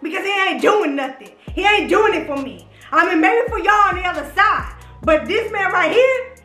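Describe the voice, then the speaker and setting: A woman's voice: very high-pitched, expressive, normal speed, pushed and bright. A young woman, chatting on a vlog about who she would date, gushing and profane as she teases her viewers. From Houston, Texas. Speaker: vlogger. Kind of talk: casual chat, smash-or-pass reactions. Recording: echoey room, faint music.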